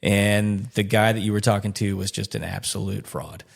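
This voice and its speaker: A man co-hosting a home podcast in relaxed casual chat, quick with a joke. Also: lowish voice, creaky. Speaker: podcast co-host.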